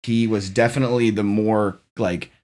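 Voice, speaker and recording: A man with a fairly low voice talks through a film in a loose, easygoing way. He hosts the chat, drifting between thoughts, restarting sentences and leaning on fillers as he goes. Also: moderate pace. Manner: relaxed, rambling with many fillers and restarts. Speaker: channel host. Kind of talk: casual movie discussion.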